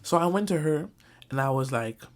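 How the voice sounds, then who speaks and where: A man's voice: fairly high pitch, expressive, moderate pace. A young man telling a comic school story in a storytime vlog, acting out quotes. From Jamaican family, Caribbean community. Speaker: vlogger.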